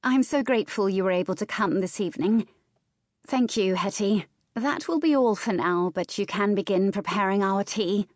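A woman voicing a nervous young gentlewoman who speaks in a high, chirpy, eager and polite way. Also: moderate pace, dry recording, studio quality, close to an everyday voice. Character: nervous young gentlewoman trying to sound serene.

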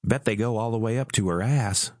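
A man voicing a lanky young farm-boy soldier in an audiobook, lively and exaggerated. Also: lowish voice, a little fast, no room sound, studio quality, voice pushed up, natural voice. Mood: eager. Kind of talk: audiobook character voice.

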